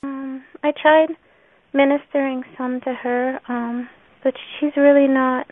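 A woman's voice: high voice, level tone, slow. A woman caller with a northern US accent making a prayer request, hesitant and full of "um"s. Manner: hesitant, many "um"s. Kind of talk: casual prayer request on a call. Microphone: phone on a conference call. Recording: tinny phone line.

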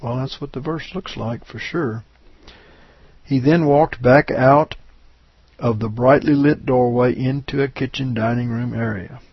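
Slow gravelly husky male preacher. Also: mid-range voice, a little hiss or hum. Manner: reads verses with rising emphasis, asks "right?". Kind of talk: scripture-reading sermon. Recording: dull lo-fi recording.

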